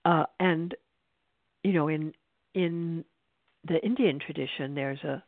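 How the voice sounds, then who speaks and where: A meditation teacher giving a spiritual talk in an unhurried, reflective way, with frequent restarts, over a tinny phone-like line. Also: mid-range voice, no room sound. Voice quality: creaky.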